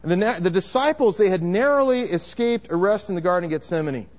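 A man with a slightly high voice preaching a sermon, driving his points home with emphasis and often restarting or repeating words. The recording is muffled and lo-fi. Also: animated, fast talker. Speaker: pastor.

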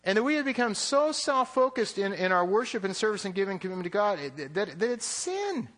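A man's voice: sits high, very animated, fairly quick, fairly bright tone. A man preaching a sermon in a conversational, joking way, often checking in with his listeners. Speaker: pastor.

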